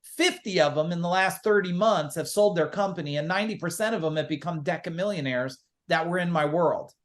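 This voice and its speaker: A man speaking as a business coach and guest in a casual podcast interview, telling lively stories and acting out the dialogue in them. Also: a little high, brisk. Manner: animated storyteller who acts out quoted dialogue.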